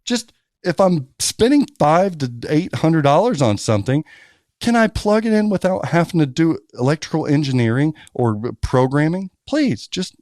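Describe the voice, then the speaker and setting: A man co-hosting a podcast in casual chat, telling stories in a ranting, profane, animated way. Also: on the high side, normal speed, no echo, studio quality. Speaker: podcast co-host.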